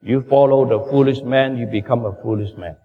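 A man's voice: medium pitch, brisk. A man preaching a sermon, with emphatic, repetitive phrasing and direct address to the congregation. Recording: dull recording, long hall reverb.

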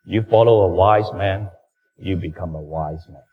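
A man's voice: low voice, moderate pace. A man preaching a sermon, with emphatic, repetitive phrasing and direct address to the congregation. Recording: dull recording, long hall reverb.

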